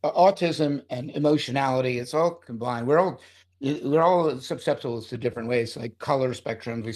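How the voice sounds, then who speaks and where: Heated, profane middle-aged man. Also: mid-range voice. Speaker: screenwriter being interviewed. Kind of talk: casual interview talk.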